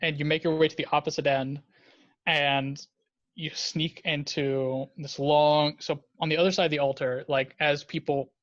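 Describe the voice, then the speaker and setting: A man's voice: a little high, flat delivery, normal speed, a bit bright, dry recording. A man running a tabletop game as dungeon master, narrating loosely with many fillers. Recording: dull lo-fi dry sound.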